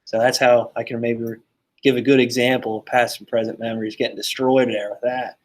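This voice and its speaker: A man's voice: mid-range voice, little pitch movement, brisk. A man teaching a psychology lesson in a casual, chatty way, full of fillers and joking asides. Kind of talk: casual classroom lecture.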